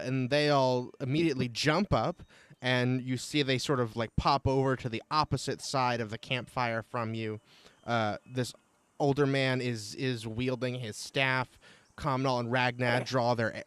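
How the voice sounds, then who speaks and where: A man's voice: medium pitch, a bit bright, clean tone, no echo. A man narrating a tabletop game as game master, rambling with fillers and restarts.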